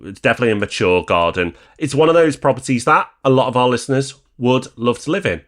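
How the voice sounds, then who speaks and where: A man from northern England co-hosting a property podcast, calmly weighing up investment deals. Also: medium pitch. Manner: measured, weighing pros and cons aloud. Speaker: podcast co-host. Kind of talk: casual podcast discussion.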